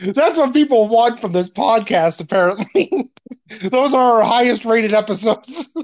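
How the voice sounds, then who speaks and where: High-voiced blunt podcast man. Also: measured pace, no echo. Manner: blunt, profane, laughs often. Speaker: podcast co-host. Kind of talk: casual chat.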